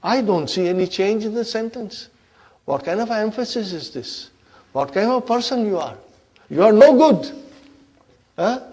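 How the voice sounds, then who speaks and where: A man's voice: fairly high pitch, lively intonation, a little slow, breathy edge. A man voicing a boastful, pushy grammar particle that scolds and shoves another aside. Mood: scornful. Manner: scolding, bossy.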